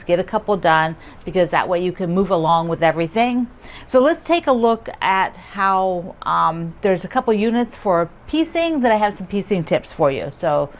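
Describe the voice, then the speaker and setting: A woman hosting a casual quilting tutorial, chatty and upbeat, with asides and quick self-corrections. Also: mid-range voice. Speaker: quilting teacher and host.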